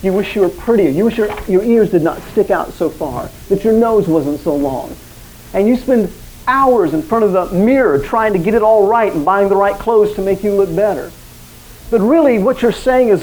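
A man's voice: sits high, lively intonation, normal speed, darkish tone, poor audio. A man preaching an evening sermon, speaking earnestly and directly to his listeners and acting out quoted lines.

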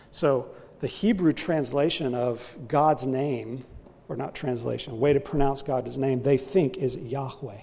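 Warm-voiced preacher in a reverberant hall. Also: male voice, fairly high pitch. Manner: emphatic, explanatory teaching with rhetorical questions. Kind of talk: expository sermon.

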